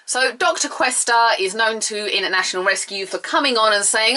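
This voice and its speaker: Bright-voiced chatty woman. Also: on the high side, brisk, hardly any pauses. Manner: chatty and animated, with sarcastic asides and mock outrage. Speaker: TV episode reviewer. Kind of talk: casual video review.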